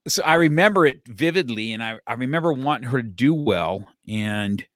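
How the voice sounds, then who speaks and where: A man's voice: medium pitch, animated, normal speed, fairly bright tone, no room sound, studio quality. A man in his fifties, a martial arts instructor, telling stories in casual conversation, rambling and repeating his words. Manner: rambling, restarts and repeats words, chuckles often.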